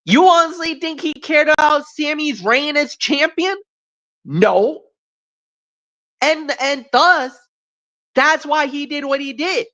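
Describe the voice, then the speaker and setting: Slow, blunt ranting woman. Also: high-pitched, a bit bright. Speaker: wrestling show co-host. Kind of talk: opinionated wrestling commentary. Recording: dull lo-fi stream audio.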